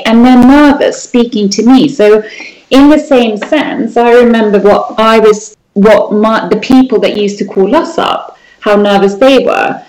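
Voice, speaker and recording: A woman, a jewellery designer, telling her story in an interview with animated, lively retellings. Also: fairly high pitch, a little slow, roomy sound, rough recording.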